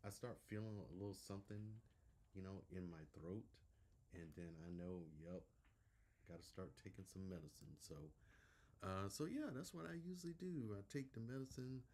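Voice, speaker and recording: Soft-spoken man, hoarse from a cold. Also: sits low, a little hiss or hum. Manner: soft-spoken, rambling, clears throat often. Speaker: host of a live drawing stream. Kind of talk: casual live-stream chat.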